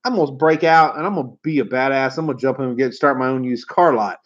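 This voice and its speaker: A man's voice: mid-range voice, quick pace. A man, a car sales trainer telling rambling, salty stories to camera. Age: 40s. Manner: swearing, folksy, rambling storyteller. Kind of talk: storytelling to camera. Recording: dull lo-fi recording.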